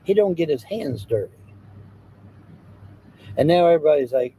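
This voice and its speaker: Idling trucks hum faintly behind this Hamilton, Ohio livestream host as he chats outdoors in a loose, drawling way, welcoming viewers and circling back over the same points in his Southwest Ohio accent. The voice is very dark and mellow yet swings widely and expressively in pitch; he speaks at normal speed, and the audio quality is poor.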